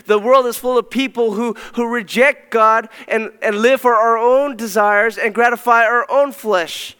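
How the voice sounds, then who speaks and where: High, bright-voiced pastor preaching. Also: male voice, fairly even intonation, normal speed, hardly any pauses, clean tone, long reverb tail. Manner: emphatic, repeats phrases for stress. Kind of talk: sermon. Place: church sanctuary.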